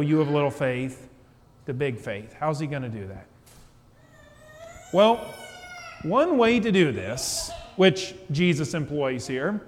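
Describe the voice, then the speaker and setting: A male pastor preaching a sermon in a church, chatty and conversational, often putting questions to the congregation. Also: a little high. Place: church with pews. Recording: long church reverb.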